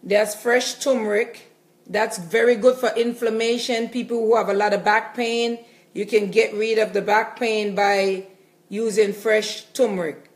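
A woman vlogger chatting casually and enthusiastically while showing her groceries, repeating herself as she goes. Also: mid-range voice. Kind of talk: casual grocery haul vlog.

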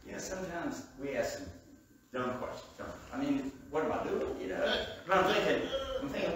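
An older man with a drawl preaches to a congregation, his tone slightly raised above the usual male range. He tells homely stories, dropping to quiet asides and then climbing to loud, emphatic peaks. The mic sits some way off in a very echoey church room, with a faint hum of ambience behind him. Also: a little high, animated, moderate pace, recorded from a distance. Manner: storytelling with swings between soft asides and loud emphatic peaks. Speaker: evangelist preacher. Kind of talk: sermon. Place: church sanctuary.

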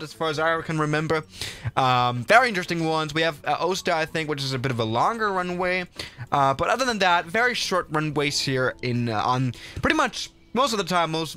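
Lively, bright-voiced streamer guy. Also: a little high. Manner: rambling, full of fillers and restarts. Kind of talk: casual live gameplay commentary.

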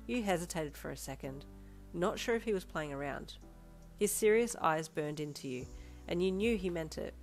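A woman's voice: deep voice, fairly quick, darkish tone. A woman narrating fan fiction in second person, with an upbeat, chatty manner. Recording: faint background music.

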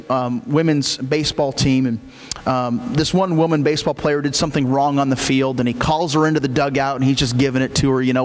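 A male pastor preaching a sermon, emphatic and repeating his key phrases. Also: medium pitch. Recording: echoey hall with faint hum.

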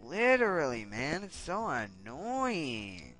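A man's voice: fairly high pitch, huge pitch swings, slow, a bit bright, faint music behind. A young man commenting on his gameplay in a casual, irritated way, swearing and rambling. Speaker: let's play gamer.

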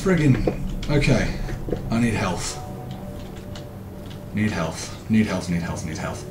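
A man's voice: deep voice, expressive, slow pace, music in the background. A man narrating his game in a swearing, self-mocking and jumpy way. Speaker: gaming video host. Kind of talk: let's-play commentary. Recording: roomy, distant mic, loud game noise.

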